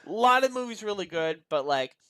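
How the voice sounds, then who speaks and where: Smooth-voiced man in casual chat. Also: sits high, brisk, no echo, clean studio sound. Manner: relaxed, hesitant, restarts and swears casually. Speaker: podcast co-host reviewing a film.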